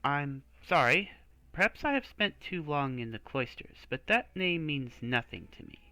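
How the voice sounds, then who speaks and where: A lofty, condescending high priest from a fantasy game, his voice bright and sweeping up and down with self-importance, as a streamer puts him on. The sound is dry and close. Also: expressive, moderate pace, no echo. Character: pompous male high priest, haughty gatekeeper. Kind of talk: reading game dialogue aloud.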